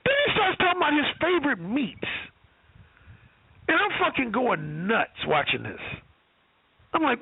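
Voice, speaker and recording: A male dating coach tells a story with cursing and plenty of animation, his high voice bouncing all over. His tone is gravelly and husky. It sounds squeezed through a tinny phone line. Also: wildly swooping pitch, measured pace, pauses often, no echo. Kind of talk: storytelling on a call-in show.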